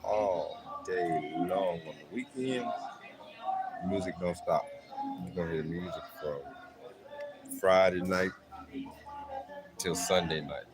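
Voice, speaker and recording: A deep, low-pitched middle-aged man chats loosely with his livestream viewers, drifting from thought to thought. His delivery is relaxed and easygoing. Loud music plays steadily in the background. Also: slow, pauses often, rough recording. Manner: laid-back, rambling, peppered with "man". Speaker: livestream host. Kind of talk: casual livestream chat. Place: at home in a hot city neighborhood.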